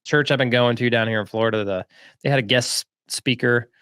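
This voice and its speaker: Relaxed guy telling a story on a podcast, lots of "like", dry close mic. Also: mid-range voice, brisk, smooth, no echo. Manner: relaxed, chatty, lots of "like" and "right?". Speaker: podcast host. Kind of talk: casual storytelling. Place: lives in Florida.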